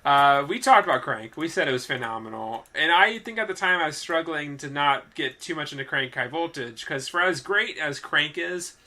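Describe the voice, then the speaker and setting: Young guy chatting about movies, super bright sharp voice, trips over his words a lot. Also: fairly high pitch, animated, moderate pace, hardly any pauses. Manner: rambling, self-correcting, laughs often. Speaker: podcast co-host. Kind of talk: casual movie chat.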